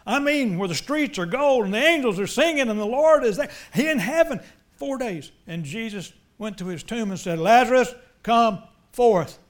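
A middle-aged male preacher delivering a sermon, swinging between loud emphatic lines and quiet, low ones. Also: lively intonation, moderate pace.

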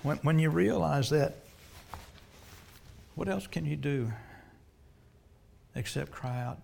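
A man preaching a sermon and leading a prayer, swinging from loud urgent preaching to hushed pleading. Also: a little high, slow pace, gravelly, pauses often, slight background noise.

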